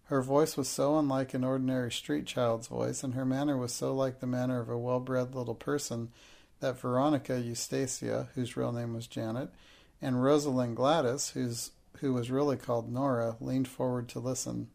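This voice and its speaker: A man narrating an audiobook in a steady, measured reading. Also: medium pitch, creaky.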